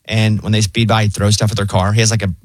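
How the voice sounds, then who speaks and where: A man's voice: fairly low pitch, flat delivery, quick pace, no echo, studio quality. A man hosting a radio talk show, chatting casually and asking earnest questions. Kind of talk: casual radio chat and interview.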